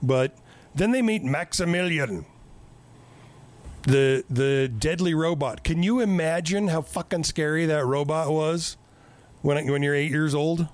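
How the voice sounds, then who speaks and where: Man with a fairly high voice, rambling profanely. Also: a little slow. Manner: rambling, profane, joking storytelling. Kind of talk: casual chat recapping a movie.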